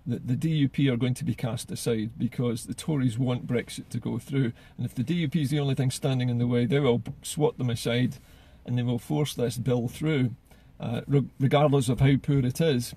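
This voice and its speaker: A man's voice: medium pitch, fairly even intonation, fairly quick, few pauses, dark tone, slightly rough. A man giving solo political commentary in an earnest way, often repeating words as he gathers his thoughts.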